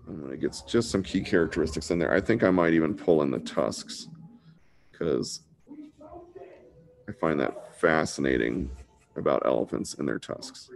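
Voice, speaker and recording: A man's voice: extremely low pitch, moderate pace, vocal fry, pauses often. A man teaching a casual live online drawing lesson, laid-back and chatty, talking like a buddy. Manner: laid-back and chatty, says dude a lot. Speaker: drawing instructor.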